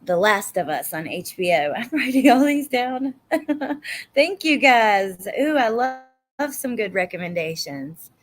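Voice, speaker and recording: A woman's voice: on the high side, very animated, a little slow. Chatty Southern woman streamer. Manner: chatty, emphatic, swears, laughs often. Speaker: true crime livestream host. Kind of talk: casual livestream chat reading comments.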